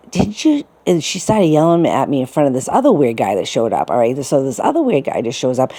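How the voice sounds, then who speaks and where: A woman's voice: low voice, warm tone. A middle-aged woman telling a personal story in a casual, rambling way, full of restarts and fillers. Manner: rambling, many restarts and fillers, quotes people in put-on voices.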